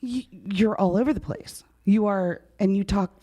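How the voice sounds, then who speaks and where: A woman's voice: medium pitch, normal speed, mellow. A woman co-hosting a podcast, blunt and teasing in casual chat. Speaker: podcast co-host.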